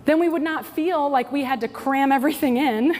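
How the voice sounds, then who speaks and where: A woman in her forties giving a workshop talk to church staff, telling stories in an animated way and often adding "right?". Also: high voice, brisk. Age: 40s. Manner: animated storytelling, tag questions like "right?". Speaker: workshop speaker. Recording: hall reverb, faint noise.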